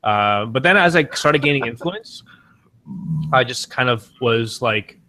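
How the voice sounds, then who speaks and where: A man's voice: on the low side, normal speed, bright, forceful tone, a little hiss or hum. A man, a streamer and podcast guest, telling stories in casual chat, rambling and swearing with many restarts.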